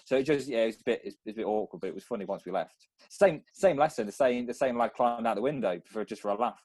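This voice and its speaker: A man's voice: mid-range voice, fast, noisy background. A young man, co-hosting a casual podcast and telling rambling stories full of restarts. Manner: rambling storyteller, many restarts. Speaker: podcast co-host.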